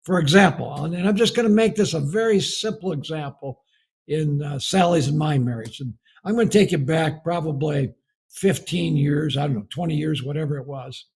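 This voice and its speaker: Gravelly, husky man telling a folksy sermon story. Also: fairly high pitch, moderate pace, a little mellow. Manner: folksy, chuckles often while telling a story. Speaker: preacher giving a marriage message.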